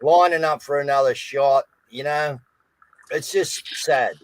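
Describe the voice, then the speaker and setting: A man's voice: on the high side, unhurried, rough recording. An Australian man co-hosting a live news stream, talking casually and blokey, often calling his viewers guys.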